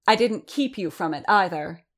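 A woman reading the part of a commanding female warrior leader who addresses a gathered crowd in firm, slow, declaiming speech. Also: medium pitch, expressive, natural voice. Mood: sharp. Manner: firm, declaiming, slowed for emphasis. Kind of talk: audiobook reading.

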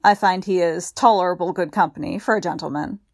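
A woman's voice: lowish voice, fairly quick, gravelly, no echo. A woman reading the part of a dry, teasing middle-aged man with a Yorkshire accent.

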